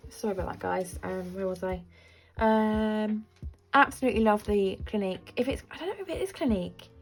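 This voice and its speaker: A woman's voice: mid-range voice, a little fast, soft background music. A woman in her thirties, a budgeting vlogger chatting casually to camera in a rambling, self-deprecating way.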